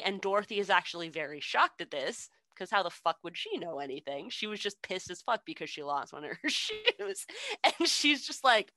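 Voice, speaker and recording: A woman's voice: mid-range voice, sing-song, moderate pace, bright, forceful tone, no echo. A young woman casually retelling a story with sarcasm, frequent swearing and laughter, as a podcast co-host.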